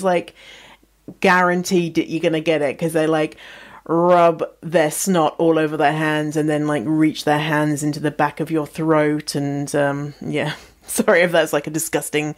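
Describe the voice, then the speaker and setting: A woman podcast host getting over a cold, her voice slightly husky, chatting frankly and laughing often. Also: sits low. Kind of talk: casual podcast chat.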